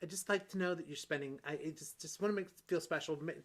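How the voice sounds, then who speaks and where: A woman improvising a fussy, demanding woman on a Valentine's date, stammering and bossy, bursting into shouts. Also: deep voice, fast talker, natural voice. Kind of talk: improvised comedy scene.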